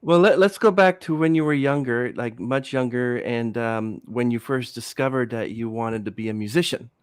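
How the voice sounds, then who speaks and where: A man's voice: mid-range voice, normal speed, clean tone, no echo, studio quality. A man hosting a podcast, asking casual questions that ramble and restart. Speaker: podcast host.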